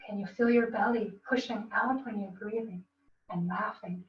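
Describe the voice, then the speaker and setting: A woman's voice: mid-range voice, moderate pace. Woman instructor guiding a breathing lesson, roomy. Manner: calm, coaching, demonstrates gasps and laughs. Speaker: tai chi instructor. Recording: roomy, distant, dull, faint hiss.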